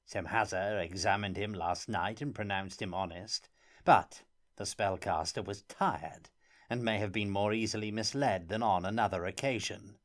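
A man voicing a gruff, ungracious court minister in an audiobook reading. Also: lowish voice, moderate pace, fairly bright tone, lightly acted. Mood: scornful. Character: gruff, suspicious older male court minister.

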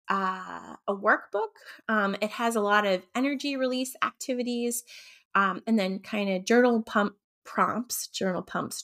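Gentle reflective woman podcast host. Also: medium pitch. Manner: reflective and gentle, frequent ums. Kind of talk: casual solo podcast talk.

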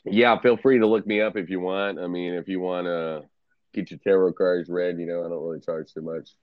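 A low-voiced man chatting on a video stream, relaxed and mocking, with swearing in nearly every sentence. The audio is dry and dull, like cheap webcam sound. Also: a little fast, no echo. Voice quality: heavy swearing, laid-back, teasing. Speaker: streamer and tarot card reader. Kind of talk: casual video chat banter.

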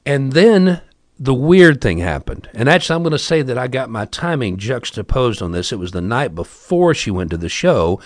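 Male storyteller, wry conversational asides, very lively delivery, mid pitch. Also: moderate pace, no echo. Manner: wry, chatty, asides to the listener. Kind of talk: casual spoken storytelling.

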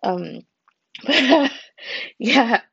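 A woman's voice: on the high side, drawn-out words, gravelly, husky, no room sound, muffled recording. A young woman from the Caribbean hosting a casual solo podcast, chatty and laughing at herself as she talks. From British Caribbean. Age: young adult. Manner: chatty, laughs at herself, lively swings in emphasis. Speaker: podcast host.

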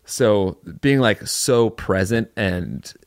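A man's voice: lowish voice, slow pace, dry recording, studio quality. A young man chatting casually as a podcast co-host, rambling with lots of fillers and restarts. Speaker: podcast co-host and series director. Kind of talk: casual chat.

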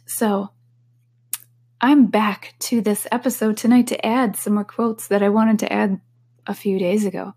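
A woman hosting a casual solo podcast, talking candidly and sometimes dropping into a soft whisper. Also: mid-range voice, steady tone, normal speed, creaky, breathy edge. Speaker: podcast host.

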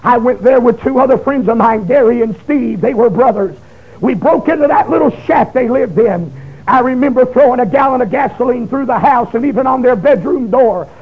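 A man preaching his testimony, emotional, swinging from shouts down to hushed low tones. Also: brisk, breathy edge. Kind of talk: fiery testimony sermon. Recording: dull lo-fi recording.

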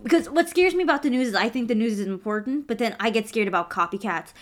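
A woman's voice: a little high, fast. Earnest young woman telling a story. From United States. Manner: earnest storytelling with many "like" fillers. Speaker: guest. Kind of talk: casual podcast conversation.

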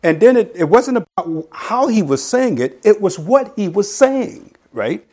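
A middle-aged man preaching a sermon in a conversational teaching style, reading scripture slowly and asking his listeners "right?". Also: high-pitched, sing-song, darkish tone. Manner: quotes scripture slowly and deliberately. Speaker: pastor.

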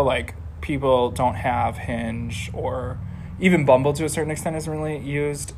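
A man telling stories in a casual podcast chat, animated and teasing, with a lively delivery. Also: medium pitch, slight background noise, poor audio. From United States. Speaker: podcast guest.

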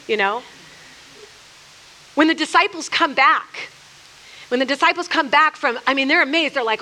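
A woman teaches scripture to a group in a room in an earnest, chatty way. She restarts sentences often and slips into little acted-out quotes. Her voice sits high and sounds bright. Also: lively intonation, moderate pace. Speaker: speaker leading a church workshop. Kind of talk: conversational sermon.

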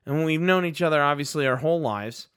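A man's voice: a little high, brisk, fairly bright tone, clear, resonant tone, no room sound, clean studio sound. A man co-hosting a sports podcast, ranting in heated casual talk and rising to outbursts of disbelief. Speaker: podcast co-host.

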